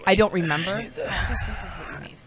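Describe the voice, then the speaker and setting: A woman's voice: medium pitch, quick pace, a crowd in the background. A woman playing a tabletop game, thinking aloud and asking about the rules. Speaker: player. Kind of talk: casual game-night chat.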